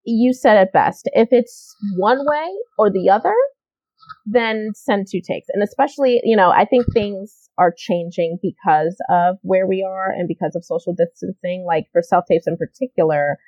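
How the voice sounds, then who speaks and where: A woman's voice: mid-range voice, normal speed, dark tone, no room sound, muffled recording. A woman working as a casting director, giving advice in a casual, chatty interview, with lots of "you know" and repeated words for emphasis.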